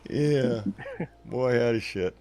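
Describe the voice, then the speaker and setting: A man's voice: medium pitch, slow, darkish tone. An older man hosting a casual livestream chat, rambling and folksy, swearing casually. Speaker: show host.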